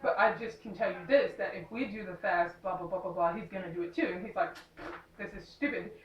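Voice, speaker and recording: A woman's voice: mid-range voice, fairly quick, echoey room, distant mic, muffled recording, slight background noise. A young woman casually recapping a movie, rambling with lots of fillers and sarcastic asides. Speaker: movie reviewer.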